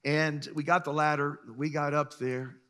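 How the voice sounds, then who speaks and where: A middle-aged man preaching a sermon, telling stories with lively acted-out voices and frequent chuckles. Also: a little high, moderate pace. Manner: animated storyteller, acts out voices, chuckles often. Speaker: pastor.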